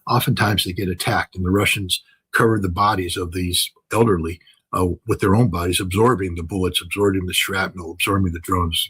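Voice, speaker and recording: Emphatic older man, husky low voice. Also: fairly bright tone, low-quality recording. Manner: emphatic, repetitive, with frequent fillers and restarts. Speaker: commentator. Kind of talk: impassioned commentary.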